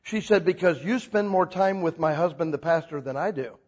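A man preaching a sermon as a pastor, telling stories with lively acted-out quotes. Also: moderate pace, lo-fi sound. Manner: animated storytelling, acts out quotes with big pitch jumps.

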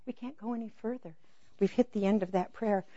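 A woman preaching a sermon through personal stories, acting out dialogue with laughter, then dropping to a soft, intense hush on key points. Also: mid-range voice, a little fast, highs cut off.

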